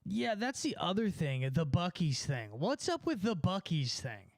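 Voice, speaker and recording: A man's voice: sits high, sing-song, a little slow, no echo, clean studio sound. A young man from California in a casual, sarcastic rant, mocking people and laughing at his own points. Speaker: streamer. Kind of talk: casual ranting chat.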